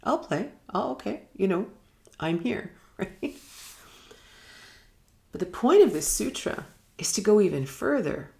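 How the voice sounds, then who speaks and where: A woman giving a reflective spiritual teaching in a live online session, musing and unhurried, sometimes dropping almost to a whisper. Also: mid-range voice, sing-song, gravelly, mellow. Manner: unhurried, musing, drops to near-whispers at times. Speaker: meditation teacher. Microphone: live online broadcast.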